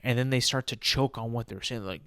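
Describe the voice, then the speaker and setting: Young male podcast host, mid-pitched, exasperated rant style, dry close-miked sound. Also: brisk, fairly bright tone, dry recording. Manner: exasperated ranting, many fillers and rhetorical questions.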